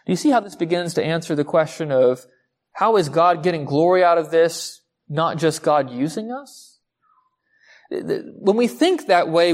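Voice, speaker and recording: A pastor delivers a conversational sermon, telling his listeners a story and posing rhetorical questions. His voice is mid-range with a darkish tone.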